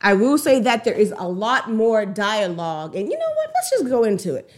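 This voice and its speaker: A woman giving casual, slangy music commentary in an animated way, retelling a song's story. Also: medium pitch, normal speed. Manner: animated, slangy, acts out song dialogue.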